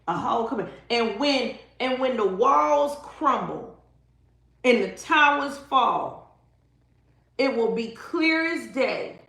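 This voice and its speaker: Woman, tarot reader, live stream, slow and dramatic, emphatic, gravelly, echoey room. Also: fairly high pitch, fairly bright tone. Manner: dramatic, emphatic, speaks straight to viewers.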